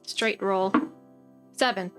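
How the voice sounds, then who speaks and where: A woman playing a tabletop game, excitable and swearing freely. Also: medium pitch, music in the background. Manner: excitable and swearing, quick reactions. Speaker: player. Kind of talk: casual tabletop game play.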